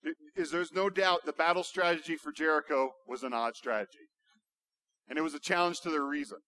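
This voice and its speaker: A male pastor preaching a sermon, building to loud, emphatic rhetorical questions. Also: fairly high pitch, fairly quick, no echo.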